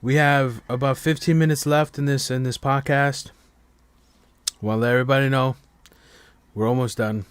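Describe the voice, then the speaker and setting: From home, with everyone else asleep, a man rambles through a casual late-night monologue on his live stream podcast, swearing heavily and restarting with stammers. His mid-range voice is clean and steady at a normal speed, with no room sound.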